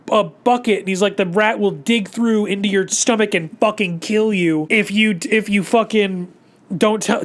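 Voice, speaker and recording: Exasperated, swearing movie-recap ranter. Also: medium pitch. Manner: exasperated, profane, rambling with many restarts; incredulous, swings between muttering and loud outbursts. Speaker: YouTuber. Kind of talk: casual movie recap rant.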